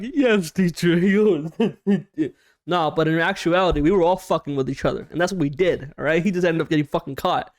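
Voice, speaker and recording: A young man hosting a casual storytime vlog, slangy and animated, swearing often and acting out what people said. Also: on the high side. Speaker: storytime YouTuber.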